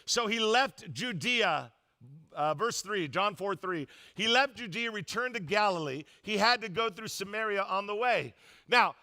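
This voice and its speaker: A man's voice: sits high, expressive, moderate pace, bright, forceful tone. A middle-aged male pastor preaching a sermon, telling a comic story with quoted voices.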